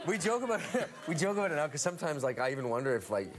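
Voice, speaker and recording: A man's voice: a little high, big pitch swings, racing, very noisy. A man as a talk show guest, chatting and telling stories casually with frequent laughs and many fillers and restarts. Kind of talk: casual storytelling interview. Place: television studio.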